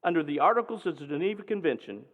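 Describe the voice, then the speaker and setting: A defiant army sergeant , voiced by a man, speaks calmly and sternly, taking his time over each word. The sound is tinny, with a long echo. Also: on the high side. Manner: calm, stern, deliberate. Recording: tinny, echoing hall.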